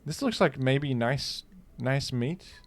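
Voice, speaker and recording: A man's voice: mid-range voice, lively intonation, slow pace. Male host, casual play-along commentary, rambling and incredulous, mid-range voice, faint music under him. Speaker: gaming video host. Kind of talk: casual commentary while playing.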